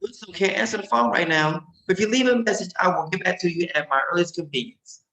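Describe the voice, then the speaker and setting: A man's voice: high voice, fast talker, pushed and bright, far from the mic, pitched above the performer's own voice. A man voicing personified wisdom as a prim, sing-song voicemail greeting. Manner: sing-song, polite answering-machine tone. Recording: roomy echo.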